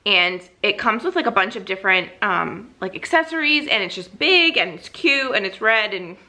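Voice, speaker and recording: Young woman vlogger, bright and bubbly, slightly breathless, casual to-camera chat. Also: mid-range voice, animated, normal speed. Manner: bubbly, gushing, frequent "like". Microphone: camera mic, seated.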